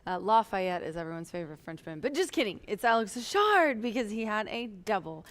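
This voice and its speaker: A woman's voice: medium pitch, sing-song, fairly quick, fairly bright tone. A woman co-hosting a horse racing show, talking in a bubbly, chatty way about races and contests. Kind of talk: casual horse racing chat.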